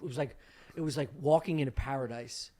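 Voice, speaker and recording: A man co-hosting a podcast, telling a story in a casual, profane, animated way. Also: mid-range voice, fairly quick, a crowd in the background. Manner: animated, profane, acts out scenes. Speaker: podcast co-host.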